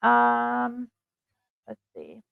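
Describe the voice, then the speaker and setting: A woman's voice: fairly high pitch, very animated, drawn-out words, gravelly, smooth, no room sound. A woman doing casual live commentary, reading text messages aloud and answering viewer comments in a chatty, hesitant way. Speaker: online commentator. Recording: tinny phone-like audio, dry.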